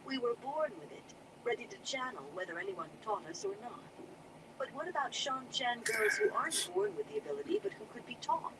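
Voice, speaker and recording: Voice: sits high, lively intonation, fairly quick, heavy background noise, pitched above the performer's own voice. A reader doing a fierce, grim young woman. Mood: explaining.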